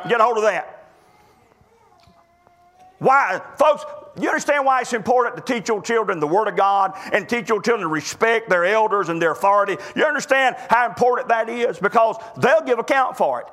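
High bright preacher man. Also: expressive, fairly quick. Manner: folksy storytelling with repeated restarts. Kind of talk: sermon.

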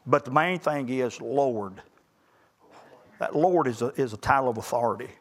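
A middle-aged man preaching a sermon to young graduates, building to loud emphatic peaks in a folksy way. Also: medium pitch, normal speed. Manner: rising to loud emphatic peaks, southern colloquial phrasing.

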